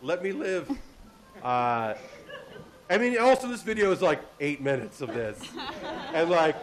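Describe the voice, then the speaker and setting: A man hosting a live comedy panel on a convention stage, animated and laughing at his own jokes. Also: on the high side, a little slow. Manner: animated, laughing, self-deprecating. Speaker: host. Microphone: handheld or stand mic.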